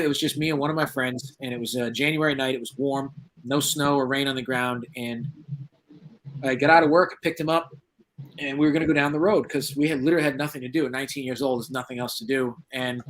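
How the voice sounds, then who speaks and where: A man's voice: medium pitch, rough recording. A man in his forties from New England, a paranormal investigator telling a story in a casual interview, acting out the dialogue. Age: 40s. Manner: animated storyteller, acts out quoted dialogue. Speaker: paranormal investigator, podcast guest.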